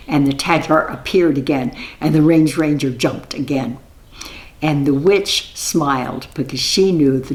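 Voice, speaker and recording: A woman reading a children's story aloud in a gentle, rhythmic, repetitive telling. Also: low voice, poor audio.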